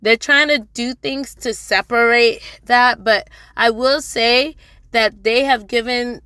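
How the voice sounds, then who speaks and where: Bright-voiced woman recapping a drama. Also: a little high, steady tone, slow pace, clean tone, no echo. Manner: chatty, sassy asides to the characters. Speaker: TV drama reviewer. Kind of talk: casual episode recap.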